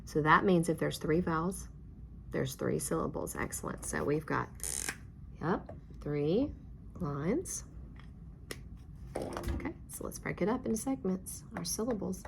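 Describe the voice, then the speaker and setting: A woman's voice: deep voice, big pitch swings, unhurried, gravelly, long pauses, noisy background. A woman teacher guiding a student step by step through a reading lesson, patient and encouraging, sometimes dropping to a whisper.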